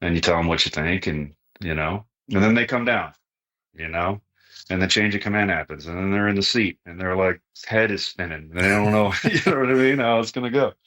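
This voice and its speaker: Deep-voiced man talking shop casually. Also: a little fast, fairly bright tone. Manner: plain-spoken, peppers talk with "right?" and "like". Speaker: podcast guest, retired army sergeant major. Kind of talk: casual conversational interview.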